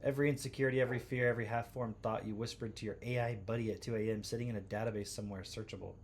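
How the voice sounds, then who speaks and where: A man's voice: on the low side, steady tone, rapid-fire, gravelly, a little hiss or hum. A man hosting a livestream from home, reading posts aloud and breaking in with sarcastic, incredulous asides. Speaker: livestream host.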